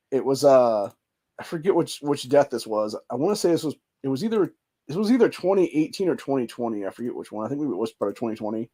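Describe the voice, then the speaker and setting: A man's voice: medium pitch, a little mellow. A man hosting a podcast, rambling in casual commentary with lots of swearing and filler phrases. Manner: rambling and profane, full of fillers. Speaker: podcast host.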